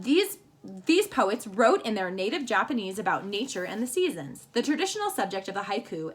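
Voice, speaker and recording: A woman teacher giving a remote lesson to children, reading short poems slowly and with emphasis. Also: a little high, bright, forceful tone, slightly rough.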